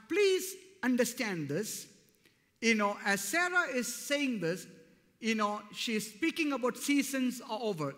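In a church hall with long, echoing reverb, a pastor preaches a sermon in a very high, sharp voice. He speaks emphatically and builds toward fervent declarations.

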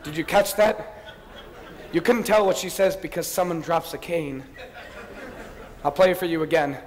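A man's voice: fairly high pitch, normal speed, some chatter behind, a little hiss or hum, close to an everyday voice. An actor playing a wistful man who narrates a favourite record with chatty, self-deprecating asides, captured on a stage. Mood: rueful. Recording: reverberant stage sound.

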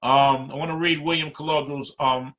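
A man's voice: on the high side, steady tone, moderate pace, fairly bright tone. A man giving a passionate, emphatic live-stream talk to union members as their representative.

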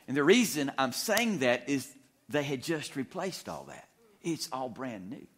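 A male pastor telling a humorous story in a sermon, animated and full of restarts. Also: medium pitch, unhurried. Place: church sanctuary.

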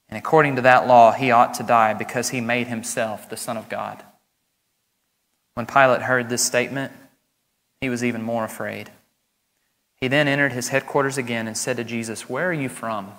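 A man's voice: mid-range voice, pushed and bright. A man, a pastor, reading scripture and preaching a sermon in an earnest, emphatic way. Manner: earnest and emphatic, speeding up when explaining. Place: church sanctuary. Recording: reverberant church hall.

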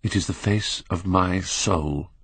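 A man's voice: low voice, a little slow, breathy edge, no room sound, heavily acted. A man voicing a cold, bitter young man. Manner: quiet, bitter, subdued. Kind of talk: audiobook character reading.

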